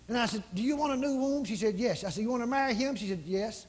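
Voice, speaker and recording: In a husky, very high-pitched voice, a man preaches a fervent revival sermon, shouting praise, calling people forward in quick succession, and praying over them for healing. The evangelist is recorded live in a large hall with long reverb.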